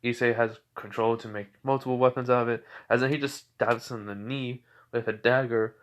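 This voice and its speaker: A man's voice: mid-range voice, steady tone, brisk, fairly bright tone, lo-fi sound. A man casually narrating a fan story, rambling with many fillers and restarts.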